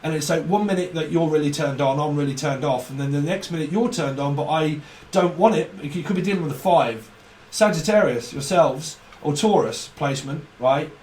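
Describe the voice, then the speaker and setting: A man's voice: on the high side, moderate pace, a little mellow, roomy sound, recorded from a distance, slight background noise. A man giving a rambling, profane tarot reading, laughing often as he talks. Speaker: tarot reader.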